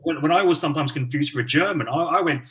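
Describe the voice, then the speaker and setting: A man, an English teacher and teacher trainer from England, talking in a relaxed, chatty way with lots of fillers during an interview conversation. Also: fairly high pitch, very fast, a crowd in the background. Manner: relaxed, chatty, frequent fillers like "you know".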